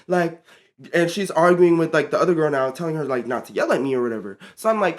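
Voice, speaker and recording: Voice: mid-range voice, fast. A teenage vlogger telling a casual storytime, rambling with lots of fillers and swearing.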